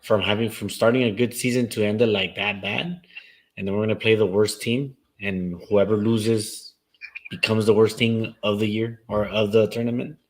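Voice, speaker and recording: A man's voice: fairly low pitch, level tone, normal speed, rough recording. A young man hosting a casual sports talk show, rambling in a laid-back way and mixing Spanish words into his English.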